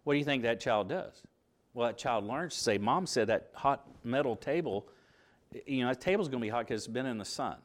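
A middle-aged preacher teaches a Bible class in sermon style, posing rhetorical questions and acting out the voices he quotes. His mid-range voice is expressive and a little fast.

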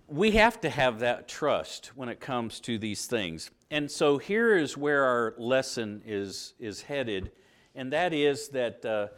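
A man's voice: a little high, a bit bright. A middle-aged man teaching a Bible lesson in sermon style, asking rhetorical questions and acting out quoted voices. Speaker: preacher teaching a Bible class.

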